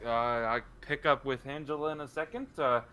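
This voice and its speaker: A man's voice: medium pitch, fairly even intonation, normal speed, sharp tone. A man taking part as a player in a tabletop game, giving hesitant, stammering replies.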